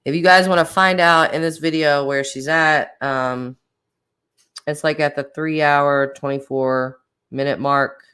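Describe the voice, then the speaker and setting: A low-voiced woman chats casually on her livestream, talking in a lively, animated way. She breaks into laughter often and reacts freely to her viewers. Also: unhurried, clean tone. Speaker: livestream host.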